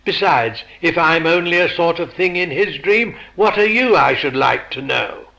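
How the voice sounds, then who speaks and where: A man's voice: a little high, expressive, moderate pace, gravelly, bright, forceful tone, muffled recording, heavily acted. A man reading aloud the lines of an indignant, earnest young girl, quoted from a story in his own lecturing voice.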